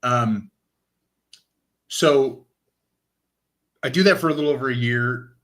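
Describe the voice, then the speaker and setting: Man, from Oregon, interview guest, animated storyteller, bright tense tone, medium pitch. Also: takes it slowly. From Lane County, Oregon. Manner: animated retelling, acts out quoted dialogue. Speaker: interview guest, nonprofit director of operations. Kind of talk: casual personal storytelling.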